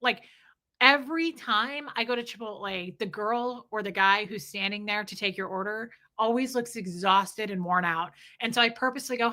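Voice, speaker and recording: A woman, ranting casually to her live stream chat and acting out the people she talks about. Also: mid-range voice. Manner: animated, acts out people in quick quoted voices.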